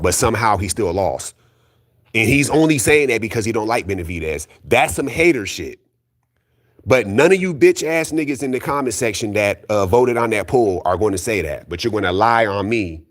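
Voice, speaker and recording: A man with a low voice rants straight to his audience about boxing. He is blunt and profane and keeps hammering the same points. His delivery is insistent and argumentative. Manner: keeps calling out critics, insistent. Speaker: boxing commentary YouTuber. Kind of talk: heated solo rant.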